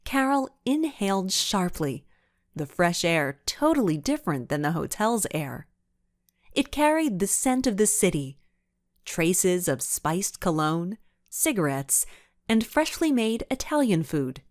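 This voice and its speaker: Lady narrating a kids mystery book, lowish voice, really expressive, dry close mic. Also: a little slow, dry recording. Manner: expressive, storytelling. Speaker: audiobook narrator. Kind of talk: scripted narration.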